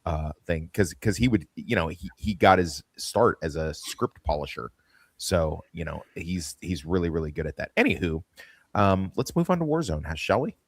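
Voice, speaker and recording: Podcast host, male, deep voice, slight lisp, loose and jokey, dry sound. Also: very animated, moderate pace, slightly rough, dry recording. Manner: rambling, jokey, swears casually. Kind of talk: casual chat.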